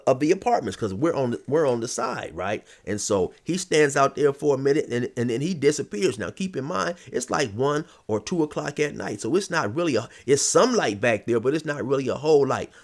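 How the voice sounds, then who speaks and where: A man telling a story in a casual, rambling, profane way, full of "you know" and "or whatever". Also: mid-range voice.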